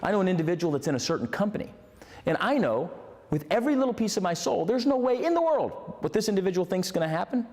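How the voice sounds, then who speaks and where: A man's voice: high-pitched, fast. Emphatic man in a reverberant space. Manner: animated, emphatic, repeats key words. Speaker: motivational host. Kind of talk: motivational video talk. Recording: long hall reverb.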